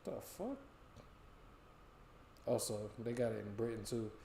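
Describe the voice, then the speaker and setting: A man's voice: lowish voice, expressive, a little slow, creaky, warm tone. A young American man chatting casually and jokingly with viewers on a live stream, swearing freely as he goes. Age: young adult. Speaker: stream co-host. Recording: roomy echo.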